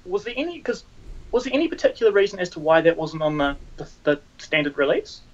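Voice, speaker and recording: A man's voice: high voice, big pitch swings, fast, muffled recording. A man asking an interviewer's questions, hesitant and polite.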